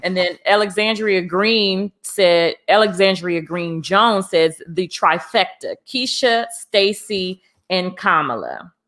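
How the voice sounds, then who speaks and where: A woman's voice: lowish voice, animated, takes it slowly, few pauses, fairly bright tone. A woman hosting a live conversational talk show, earnest and encouraging as she reads out viewer comments and brings in her guests.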